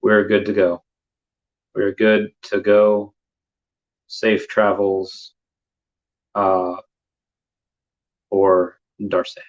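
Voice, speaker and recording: A man's voice: on the low side, monotone, drawn-out words, pauses often. A man hosting a live podcast, chatting casually and rambling with many fillers as he reads comments. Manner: rambling, laid-back, lots of fillers. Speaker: podcast host. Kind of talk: casual live-stream chat. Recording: dull lo-fi stream audio.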